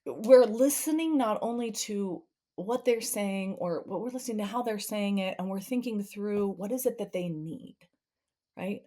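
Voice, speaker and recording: A woman therapist, a guest on a podcast, explains parenting in a conversational way. She brings everyday family scenes to life, shifting her voice playfully as she acts them out. Her pitch sits in an ordinary middle range. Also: moderate pace, warm tone.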